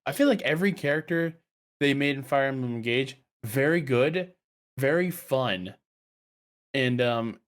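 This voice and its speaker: Guy hosting a chill gaming podcast, swears a ton, goes way up high when he gets ranting. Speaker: podcast host. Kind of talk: casual chat.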